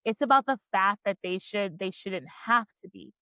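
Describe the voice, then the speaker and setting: A woman's voice: mid-range voice, lively intonation, normal speed, sharp tone, dry recording, dull audio. Woman podcaster asking the questions. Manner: conversational, leads the discussion with questions. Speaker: podcast host. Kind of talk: casual chat about a book.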